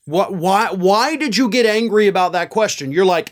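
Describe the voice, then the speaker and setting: A male political commentator with a high voice that swings up and down as he talks. He sounds incredulous and exasperated, scoffing at what he reads out. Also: animated, normal speed.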